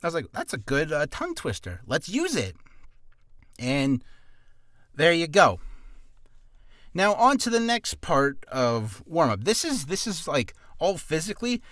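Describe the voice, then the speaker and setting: Chatty man with a lively voice. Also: fairly high pitch, no room sound. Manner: rambling, self-deprecating, quick-talking. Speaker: aspiring voice actor giving warm-up tips. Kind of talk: casual vlog tutorial. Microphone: camera on a stand.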